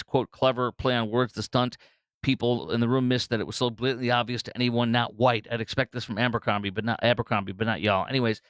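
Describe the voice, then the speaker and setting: Scornful rambling male commentator, smooth dry voice. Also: mid-range voice, fairly bright tone, no echo. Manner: scornful, rambling, frequent fillers. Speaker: podcast host. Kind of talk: political commentary.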